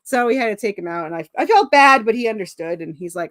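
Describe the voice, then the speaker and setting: A woman's voice: medium pitch, lively intonation, fairly quick, no room sound, clean studio sound. A woman, an indie comic creator, chatting as a guest on a video call, rambling with many fillers and restarts and laughing at herself. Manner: self-mocking, laughs at herself. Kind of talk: casual video-call chat.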